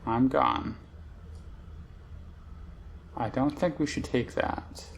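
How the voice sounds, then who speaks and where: A man's voice: medium pitch, drawn-out words, vocal fry, a little hiss or hum. A man casually commentating a game he plays, rambling and thinking aloud with lots of fillers. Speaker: let's play host.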